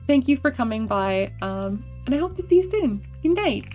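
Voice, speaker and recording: A young woman livestreams a farming video game and chats casually with her viewers. She talks in a fairly high voice, laughing often and swearing offhandedly. Faint game music sits underneath her voice. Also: very animated, normal speed, darkish tone. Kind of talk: casual gameplay chat.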